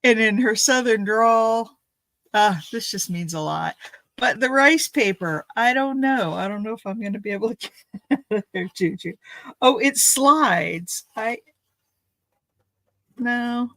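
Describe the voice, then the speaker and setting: A woman's voice: fairly high pitch, measured pace, pauses often, a bit bright, no room sound, poor audio. A woman making a craft video, chatting in a rambling, thinking-aloud way as she opens gifts at home. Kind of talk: casual chatty unboxing.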